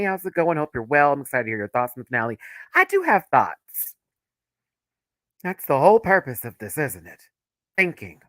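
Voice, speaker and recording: A man's voice: mid-range voice, sharp tone, dry recording, clean studio sound. A man hosting a live review stream, chatting casually with viewers, greeting them by name with playful, campy asides. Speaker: host of a live review show.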